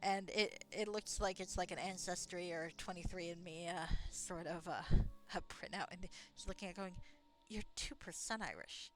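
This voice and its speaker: A woman's voice: fairly low pitch, steady tone, moderate pace, few pauses, fairly bright tone, faint music behind. A woman streaming a video game, talking in a rambling, chatty way, swearing casually and laughing often. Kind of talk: casual rambling commentary while playing.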